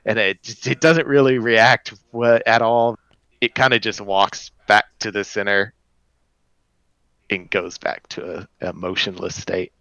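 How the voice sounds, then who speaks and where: A game master narrating a tabletop game in a relaxed, stumbling way. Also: medium pitch, unhurried, no echo, lo-fi sound.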